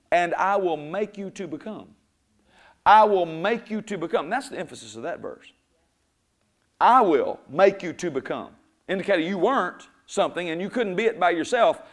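A male preacher delivering a fervent sermon, repeating phrases rhythmically, slowing for emphasis and rising to shouts. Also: a little high. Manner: rhythmic repetition, slows for emphasis.

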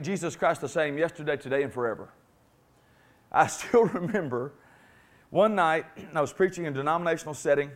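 A male preacher with a notably high voice delivers a sermon in a forceful, emphatic way. He hammers phrases over and over and calls on his congregation to answer back.

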